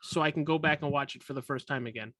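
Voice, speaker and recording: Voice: medium pitch, fast, a bit bright, dry recording. A young adult podcast host chatting casually about a movie, rambling and correcting themself with a joking manner. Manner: rambling, self-correcting and jokey.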